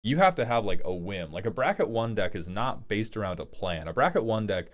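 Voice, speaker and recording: A man's voice: lowish voice, sing-song, a little fast. A young man streaming casually, reading viewer messages aloud and answering with rambling, joking talk. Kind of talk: casual livestream chat.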